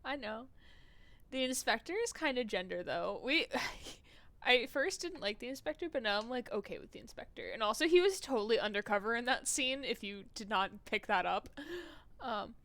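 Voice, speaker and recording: A woman's voice: on the high side, expressive, moderate pace, a bit bright, no echo. A woman streamer giving casual live commentary on a game, gushing, laughing and swearing freely.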